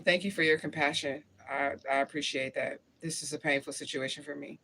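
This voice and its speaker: A woman's voice: low voice, fairly even intonation, fairly quick, sharp tone. A woman in her forties from St. Louis, Missouri, chatting live with viewers and answering their comments, blunt and slangy, laughing often. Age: 40s. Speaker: livestream host. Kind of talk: casual live chat reading comments.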